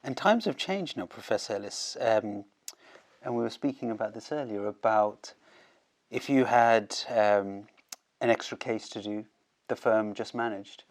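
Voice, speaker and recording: A male doctor hosting a conversation in a slightly low voice. He asks his questions in a measured, courteous way and keeps the talk moving with short nods of agreement. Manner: measured, polite, frequent brief affirmations. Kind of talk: interview questions.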